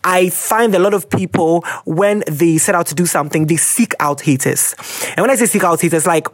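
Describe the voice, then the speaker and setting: Speaking a little fast in a Ghanaian English accent, this podcast host delivers an animated, casual monologue that jumps from tangent to tangent with big pitch swings. It's studio quality with no echo.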